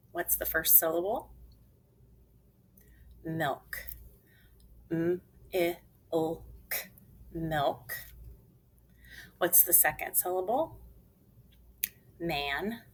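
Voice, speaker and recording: A woman teacher talks very slowly and deliberately, sounding out words and spelling them letter by letter for young learners. Her voice sits fairly low, and faint background noise runs under the recording. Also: rough recording. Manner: slow, clearly enunciated, spells letters aloud. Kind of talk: phonics lesson for children.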